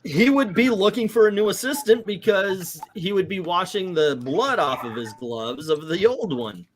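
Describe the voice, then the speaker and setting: Animated man with a lively voice. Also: high-pitched, moderate pace, noisy background. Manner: animated, acts out quotes in voices. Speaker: comic book show host. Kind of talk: casual livestream chat.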